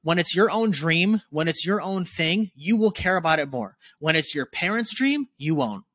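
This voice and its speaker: A man in his twenties talking candidly as a podcast guest, casual and animated, swearing freely. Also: on the high side, normal speed, no echo. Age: 20s.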